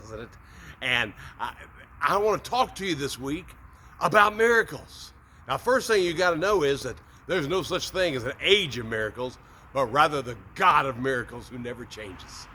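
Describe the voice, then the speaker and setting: A man's voice: medium pitch, lively intonation, moderate pace, bright, forceful tone, a little hiss or hum. A man hosting a short morning devotional talk, upbeat and folksy, often repeating words as he goes. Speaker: preacher, motivational host.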